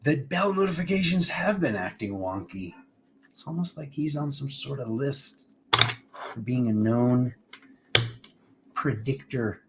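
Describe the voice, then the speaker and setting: A man's voice: medium pitch, animated, takes it slowly, pauses often, background noise. A man giving a casual tarot reading to camera, rambling and playful, with asides to people off camera. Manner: invokes cosmic forces in an incantatory tone. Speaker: tarot reader.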